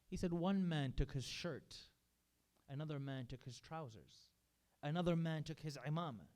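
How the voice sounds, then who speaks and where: A man delivers a sermon at a religious gathering, earnestly telling stories and quoting the people in them. His voice sits high and rings clean and resonant. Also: moderate pace, darkish tone. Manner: earnest, recounts stories with quoted speech. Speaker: majlis speaker. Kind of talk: sermon storytelling. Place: religious center hall.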